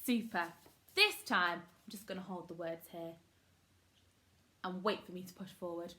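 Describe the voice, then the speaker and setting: A woman's voice: fairly low pitch, steady tone, normal speed, bright, forceful tone. A woman teaching a phonics lesson to young children, upbeat and encouraging, sounding words out syllable by syllable. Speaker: primary school teacher.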